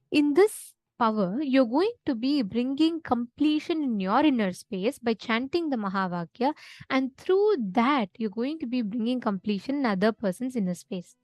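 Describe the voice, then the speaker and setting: A woman's voice: fairly high pitch, darkish tone, no room sound. Earnest woman teaching a live session. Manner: earnest, explanatory, checks in with listeners often. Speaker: spiritual session instructor.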